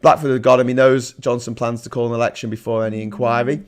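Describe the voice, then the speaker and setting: A man hosting a political livestream, reading chat messages and ranting sarcastically, swinging between loud outbursts and low muttering. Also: flat delivery, fast. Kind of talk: ranting live-stream commentary reading chat.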